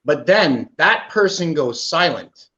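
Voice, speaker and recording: A man from Canada, a podcast guest, candidly telling his own story in an animated way, often asking "right?" as he goes. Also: on the high side, slow. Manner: animated, with frequent "right?" asides. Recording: muffled lo-fi audio.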